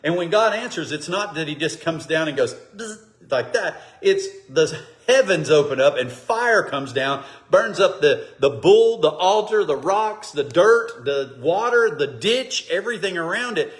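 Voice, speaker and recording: A man's voice: a little high, unhurried, few pauses. A man teaching a Bible study, speaking conversationally and telling stories, acting out voices. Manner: conversational, animated storytelling with acted quotes. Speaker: pastor. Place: church, streamed online.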